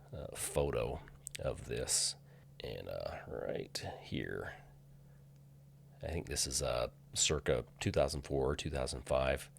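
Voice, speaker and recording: A man's voice: rumbling low, creaky, slight background noise. A man casually walking through filming locations on screen, hesitant with many fillers and restarts. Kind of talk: casual screen-share walkthrough.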